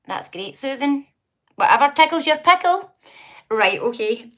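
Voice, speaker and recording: Laughing often, this Scottish livestream host chats and gossips with viewers, reading their comments and greeting them by name. She speaks at a measured pace in a sharp, high voice with big pitch swings.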